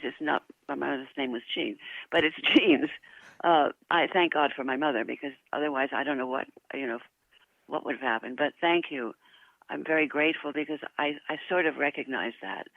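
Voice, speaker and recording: An older woman, a guest actress, telling lively anecdotes in an interview, laughing often and poking fun at herself. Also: low-pitched, moderate pace, creaky, no room sound. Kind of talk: interview storytelling. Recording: tinny phone line.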